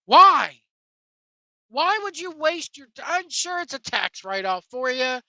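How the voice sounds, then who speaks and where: Angry wrestling vlog rant, cussing a lot, sharp bright voice, dead dry sound. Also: high-pitched, big pitch swings, normal speed, no echo, rough recording. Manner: angry, profane and sarcastic. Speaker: wrestling commentary vlogger. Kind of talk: ranting commentary to camera.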